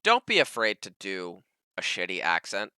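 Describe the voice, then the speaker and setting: Casual co-host, male, bright and clear, emphatic, dry close mic. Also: moderate pace, no room sound. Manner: animated, emphatic, lively pitch jumps. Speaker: podcast co-host, dungeon master. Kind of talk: casual panel chat.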